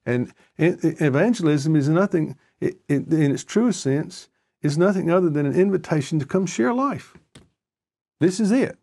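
A man's voice: a little high, animated, normal speed, a little mellow. A man in a conversational discussion, telling earnest stories and repeating phrases for emphasis. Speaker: discussion guest.

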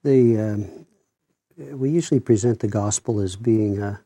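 A man, a minister, speaking in a halting, conversational way with many pauses and fillers. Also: lowish voice, dark tone, dry recording. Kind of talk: conversational discussion.

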